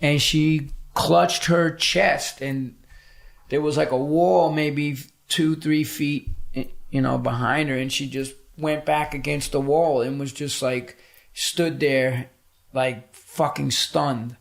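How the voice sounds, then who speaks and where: Gravelly, profane storytelling man. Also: a little high, takes it slowly. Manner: profane, animated, acts out quoted voices. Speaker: podcast guest. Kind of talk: storytelling in conversation.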